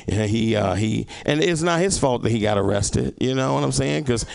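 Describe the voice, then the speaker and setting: A man's voice: mid-range voice, lively intonation, normal speed, creaky, no room sound. A male stand-up comedian doing a rambling, profane set and teasing the audience. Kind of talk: stand-up set with crowd work.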